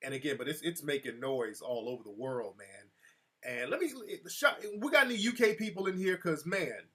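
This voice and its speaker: A man's voice: medium pitch, expressive, brisk, pushed and bright, breathy edge. A man hosting his own live show, telling a story in a loose, streetwise manner and breaking off to answer chat comments. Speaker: show host. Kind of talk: casual live-show monologue.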